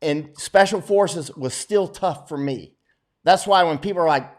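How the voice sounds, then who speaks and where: A man's voice: fairly high pitch, a little slow, long pauses. A middle-aged man, a war correspondent, talking bluntly and boastfully in a casual livestream monologue, often chuckling.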